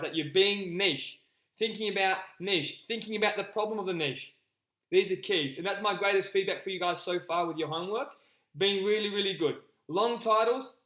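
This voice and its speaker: Man, business coach, live group call, energetic, repetitive, roomy echo. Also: high-pitched. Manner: energetic, repetitive, keeps addressing listeners as guys.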